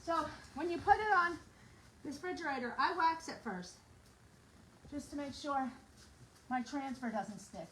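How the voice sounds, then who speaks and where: A woman's voice: sits high, animated, unhurried, long pauses, a bit bright, a little hiss or hum, poor audio. A middle-aged woman chatting casually as she demonstrates a craft project in her home kitchen, bubbly and talking while she works. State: out of breath. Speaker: craft vlogger. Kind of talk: casual demo chat.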